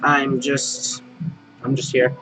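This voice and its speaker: A man with a slow, monotone, medium-pitched voice hosts a casual live stream. He rambles, hums, and mutters to himself while setting up, and the home stream audio is noisy.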